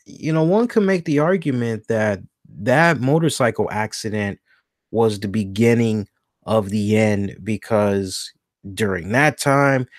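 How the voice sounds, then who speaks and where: A man's voice: mid-range voice, dry recording. Rambling male wrestling podcast host, dry sound. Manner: rambling, self-correcting, thinks aloud. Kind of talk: casual solo wrestling podcast talk.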